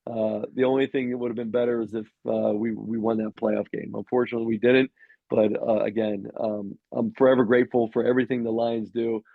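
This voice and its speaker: A middle-aged man with a gravelly edge tells loose, rambling stories as a podcast guest, stopping and restarting his sentences. The sound is dry and a bit dull, as if recorded close in a small treated space. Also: mid-range voice, flat delivery, brisk, no echo. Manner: rambling anecdotes with many restarts and fillers. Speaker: former pro quarterback, podcast guest. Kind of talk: casual storytelling interview.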